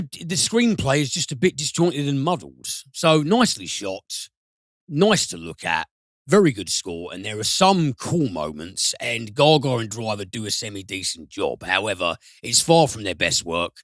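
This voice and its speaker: A man reviewing films on a podcast, animated and given to swearing and sudden high mimicry. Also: unhurried, dry recording, clean studio sound. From United Kingdom. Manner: animated, swears, mimics voices with big pitch jumps. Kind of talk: casual podcast film review.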